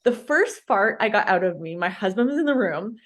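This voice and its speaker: A woman in her thirties tells a personal story as a podcast guest. She talks casually with plenty of animation and laughs at her own misfortunes, and her pitch sits in a middle range. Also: lively intonation, brisk. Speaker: podcast guest, registered dietitian.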